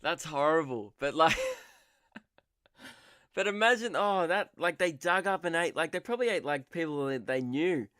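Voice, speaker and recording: A man's voice: a little high, animated, a little slow, fairly bright tone, clear, resonant tone, no echo, studio quality. A young man hosting his own comedy podcast, rambling and sarcastic, often laughing at his own jokes.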